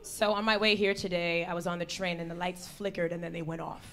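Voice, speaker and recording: A woman performing a brash stand-up comedy set live, working the crowd with animated storytelling. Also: on the low side, a little fast. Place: live venue before an audience. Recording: faint crowd noise. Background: audience laughter.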